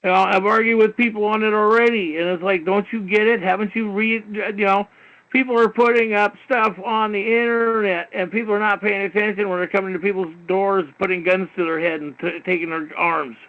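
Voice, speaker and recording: This call-in show host has a high voice and fairly even intonation, and he talks fairly quickly. Over a dull, lo-fi internet radio stream, he lectures heatedly and rambles, going over the same ground, saying "you know" a lot and swearing occasionally.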